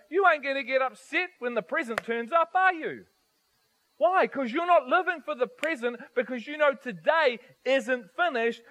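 A man preaching a sermon to his congregation, animated, asking rhetorical questions and swinging from soft to loud. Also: very high voice, low-quality recording. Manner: animated, rhetorical questions, varies volume widely.

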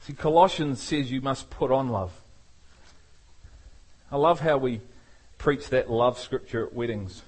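A man preaching a sermon as pastor, animated, acting out the voices of the people he quotes. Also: mid-range voice, unhurried, pauses often, breathy edge.

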